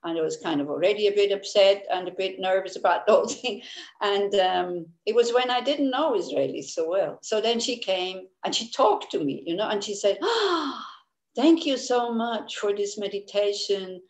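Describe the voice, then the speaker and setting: A woman's voice: medium pitch, fairly quick. A woman Buddhist teacher giving a casual dharma talk, candid and laughing often, with frequent restarts. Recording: echoey room.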